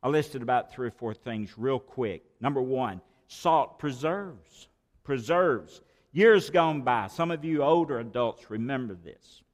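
A man's voice: mid-range voice, moderate pace, hardly any pauses, long reverb tail. A man preaching a sermon, emphatic and repeating key phrases for weight. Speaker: pastor.

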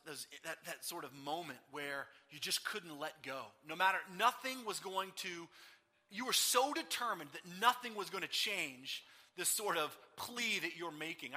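A man preaching a sermon, telling the story with feeling and acting out the people in it. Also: a little high. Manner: animated storytelling, voicing the people in the text. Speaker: pastor. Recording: long hall reverb.

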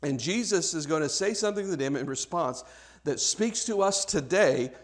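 A man's voice: on the high side, expressive, normal speed. A man preaching a sermon to his congregation, conversational, with frequent restarts, asking the listeners questions directly. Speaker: pastor.

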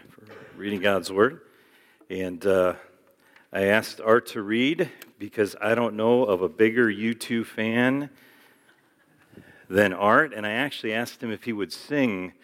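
A man's voice: fairly low pitch, slow pace, pauses often, a bit bright, long reverb tail. A male pastor giving a casual sermon with joking asides and frequent fillers, in a church sanctuary.

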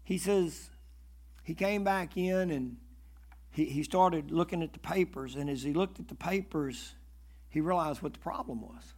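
Male preacher, high-pitched voice, animated sermon storyteller, stammers and repeats words. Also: unhurried. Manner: animated, swings between loud and hushed.

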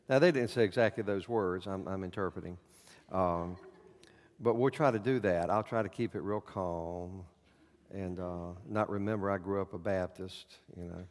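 In a church sanctuary, a male pastor with a low-pitched voice preaches a sermon to his congregation. His delivery is folksy and halting, full of fillers, and a long reverb tail trails his words.

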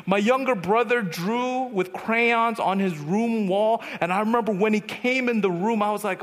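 A man giving a personal testimony as a retreat speaker, storytelling and swinging from hushed to loud. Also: high-pitched, unhurried, few pauses. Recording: long hall reverb.

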